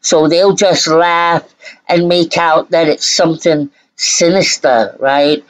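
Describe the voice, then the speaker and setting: A woman's voice: low-pitched, fairly even intonation, slow, low-quality recording. Sarcastic woman from Scotland. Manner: sarcastic, mock-sweet retorts. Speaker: channel host. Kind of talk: reaction commentary.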